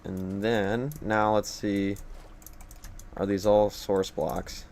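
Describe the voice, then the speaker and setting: Young guy streaming a game, lowish voice, rambly and self-deprecating, faint keyboard clicks behind. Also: level tone, extremely slow, darkish tone, slight background noise. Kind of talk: casual gameplay live-stream commentary.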